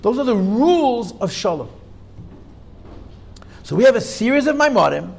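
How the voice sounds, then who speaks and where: A man's voice: very high voice, sing-song, moderate pace, gravelly, slight background noise. A man teaching a Torah class as a rabbi, emphatic and repeating key points while debating his students. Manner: emphatic, argues back and forth with students.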